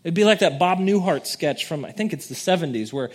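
A man in his thirties delivering a sermon with a chatty, down-to-earth manner. His voice swings from hushed, low reflection to sudden, ringing emphasis. His pitch sits slightly higher than most men's. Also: expressive, a little fast. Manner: conversational preaching, dramatic swings in pitch and volume. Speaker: pastor.

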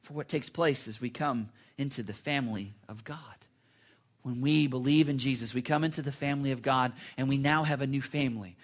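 A man's voice: medium pitch, fairly quick. A man preaching a sermon in an earnest, conversational way, with repetitions and restarts. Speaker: pastor.

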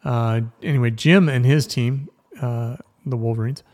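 A man's voice: mid-range voice, fairly even intonation, a little slow, a little mellow. A man hosting a rambling, casual news talk show, often stopping and restarting mid-sentence. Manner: rambling, self-interrupting, chatty. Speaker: news podcast host.

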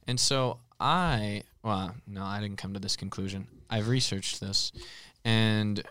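A man's voice: fairly low pitch, unhurried, hardly any pauses, smooth, dry recording, studio quality. A man co-hosting a podcast, talking about faith casually and acting out little scenes as he explains. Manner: animated storyteller acting out quotes. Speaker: podcast co-host.

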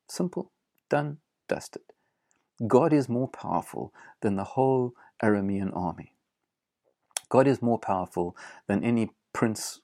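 A man preaching a sermon, earnest and emphatic, repeating phrases with pauses and fillers. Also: lowish voice, dark tone, dry recording, studio quality.

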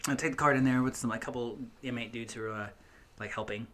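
Bright-voiced man rambling through a story. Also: mid-range voice, fairly even intonation, fast. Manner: rambling, profane, many fillers and restarts. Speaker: podcast co-host telling a story. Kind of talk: casual storytelling chat.

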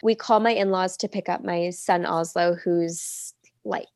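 A woman's voice: on the low side, fairly even intonation, unhurried, a little mellow, no room sound. A woman in her thirties, a podcast guest, telling a personal story in a casual, chatty way with lots of "like" fillers. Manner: chatty, many "like" fillers, acts out quoted speech.

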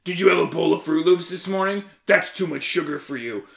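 A man mocking a shrill, nagging grown-up. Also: brisk, vocal fry. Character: nagging adult scolding a hyper kid. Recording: roomy echo.

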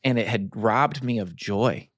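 Earnest storytelling pastor, dry close mic. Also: male voice, on the low side, measured pace, fairly bright tone, no echo. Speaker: pastor and podcast co-host. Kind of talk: casual faith podcast chat.

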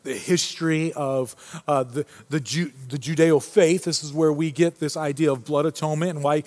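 Preaching at normal speed in a large church hall whose long reverb lingers after him, a pastor with a light, high voice tells stories casually. His sermon is conversational, built up through frequent restarts and returns to earlier phrases.

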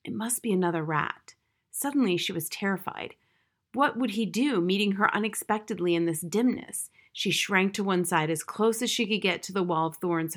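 A woman reads a children's novel aloud at a medium pitch. Her delivery is steady and expressive, shifting voices for the characters. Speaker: narrator. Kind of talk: audiobook reading.

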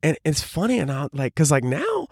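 A man's voice: a little high, wildly swooping pitch, normal speed, vocal fry, slightly rough, no room sound, clean studio sound. A man in his twenties hosting a solo podcast, talking casually and reflectively, rambling with lots of filler words. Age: 20s. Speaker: podcast host.

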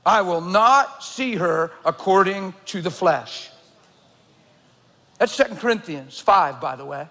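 A man preaching a sermon as a pastor, telling a story with loud excited bursts and hushed earnest stretches. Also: sits high, slow. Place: large church hall. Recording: reverberant church hall.

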